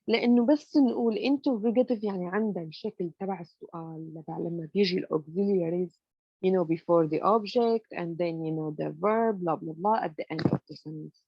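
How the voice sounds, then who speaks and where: A woman's voice: medium pitch, husky, dry recording. Woman, grammar lecturer, explains step by step, checks understanding, dull lo-fi sound. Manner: explains step by step, fills with "you know" and checks understanding with "okay?".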